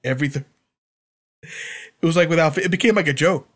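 A man's voice: on the high side, normal speed, long pauses, a bit bright. A man co-hosting a podcast, telling old wrestling stories in casual chat and laughing along. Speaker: podcast co-host, former wrestler.

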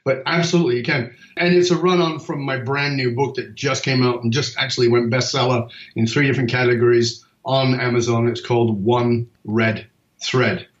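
A man's voice: mid-range voice, normal speed. Middle-aged guy guest on a podcast, tells stories and does the back-and-forth voices, roomy dull audio. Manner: animated storyteller, acts out dialogue. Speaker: podcast guest, speaker and author. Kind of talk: storytelling interview talk.

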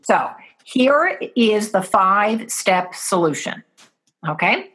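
A woman's voice: mid-range voice, big pitch swings, takes it slowly, fairly bright tone. A woman guest in an interview, earnestly explaining parenting steps and acting out what parents and children say.

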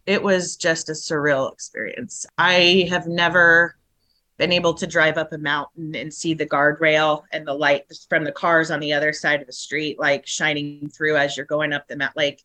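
A middle-aged woman, shaken, telling a painful personal story in a halting way with many restarts. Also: sits low, little pitch movement, pushed and bright. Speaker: guest.

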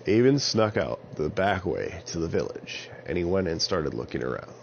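A man narrating an improvised children's story in an animated way. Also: low-pitched, moderate pace, gravelly. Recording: slightly dull lo-fi sound with faint hiss.

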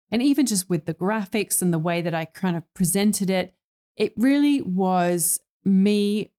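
A woman's voice: mid-range voice, dark tone. A middle-aged woman, an interior stylist, hosting a solo podcast and reflecting earnestly on finding her own style, often correcting herself. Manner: thoughtful, self-correcting, earnest.

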